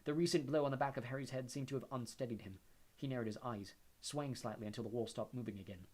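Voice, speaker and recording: A man narrating an audiobook in a steady storytelling manner. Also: mid-range voice, quick pace. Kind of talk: audiobook reading.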